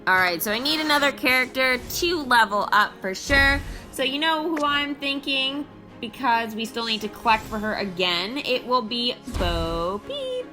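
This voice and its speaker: A woman hosting a mobile game video, giving bubbly, excitable, chatty gameplay commentary. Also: a little high, normal speed, soft background music.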